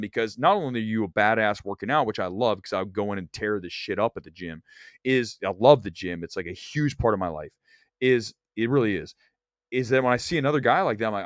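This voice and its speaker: Talking quickly in a lowish voice, this movie talk show host meanders from story to story in a relaxed livestream. He performs the voices of those he quotes with lively energy, and the studio-quality audio has no room sound.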